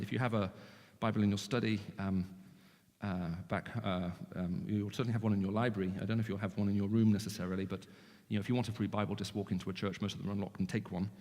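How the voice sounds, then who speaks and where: A man with a British English accent who grew up in the Middle East, giving an animated, joking evangelistic talk to students with frequent restarts. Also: lowish voice. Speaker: guest speaker. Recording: long hall reverb.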